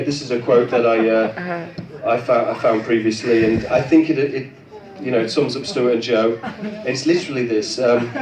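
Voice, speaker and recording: Tipsy man, wedding speech. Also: medium pitch. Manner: rambling and crude, with self-deprecating jokes and hesitations. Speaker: brother of the groom giving a wedding speech. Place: wedding reception hall with guests. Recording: roomy echo, distant mic, loud crowd.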